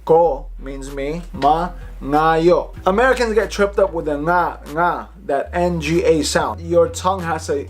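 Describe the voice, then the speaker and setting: A man teaching words in a casual video lesson, slowly repeating and exaggerating pronunciation, filling gaps with "like" and "you know". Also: on the high side. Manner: slow, exaggerated pronunciation drills with lots of "like". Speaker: language teacher.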